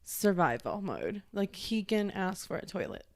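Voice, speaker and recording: A woman from Ecuador in her thirties hosting a casual podcast chat, upbeat and talkative with quick asides. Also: medium pitch, sing-song. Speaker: host.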